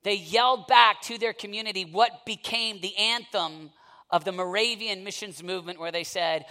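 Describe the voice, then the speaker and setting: A man preaching a sermon with impassioned delivery, swinging from near-shouting to hushed intensity and telling stories with acted-out asides. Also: sits high. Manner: storytelling with quick asides and acted-out quotes.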